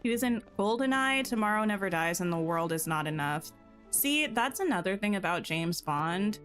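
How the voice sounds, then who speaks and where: A woman's voice: medium pitch, animated, moderate pace, a bit bright, faint music behind. A woman streamer chatting casually while gaming, rambling and giggling at herself. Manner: rambling, giggly, self-deprecating.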